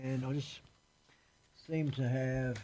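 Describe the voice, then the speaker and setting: A man's voice: medium pitch, steady tone, slow pace, dark tone, a little hiss or hum. A man hosting a live stream, chatting casually and rambling with lots of ums and uhs. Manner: easygoing, swears casually.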